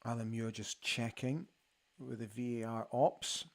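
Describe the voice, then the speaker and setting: A Scottish man hosting a live football watch-along from a studio, reacting excitedly to the play and chatting about viewers' comments. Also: mid-range voice, unhurried, gravelly.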